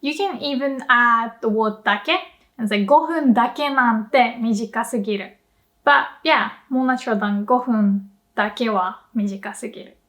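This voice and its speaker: Young woman, fairly high voice, upbeat language teacher; laughs easily, breaks into acted example lines. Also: normal speed, fairly bright tone. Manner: playful, laughs often while explaining. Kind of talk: casual video lesson.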